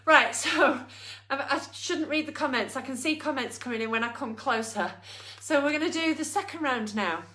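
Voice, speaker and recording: Woman fitness coach, high bright voice, slow and out of breath, roomy echo from a distance. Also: animated. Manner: upbeat coaching, counting down, laughing at herself. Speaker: fitness instructor. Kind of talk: live online exercise class.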